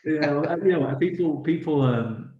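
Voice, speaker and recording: A man's voice: fairly high pitch, moderate pace, a loud crowd. A man from England, hosting a chatty interview and affirming often. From northern England. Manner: chatty, affirming with frequent yeahs. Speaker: podcast host. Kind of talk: casual interview chat. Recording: roomy, dull-sounding call audio.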